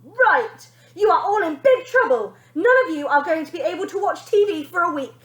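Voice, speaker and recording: A bossy, spoilt young girl from a storybook yells in a piercing, very high voice. Her shrill demands swing wildly up and down. The room around her rings with echo. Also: very animated, fairly quick. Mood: bossy shouting. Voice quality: shrill, bellowing. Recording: echoey room.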